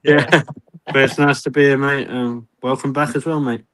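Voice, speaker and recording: A man with an everyday mid-pitched voice talking football on a fan podcast. His delivery is loose and offhand, with easy laughter. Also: little pitch movement, normal speed, a bit bright. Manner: laid-back, offhand, laughs easily. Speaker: podcast co-host. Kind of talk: casual football fan chat.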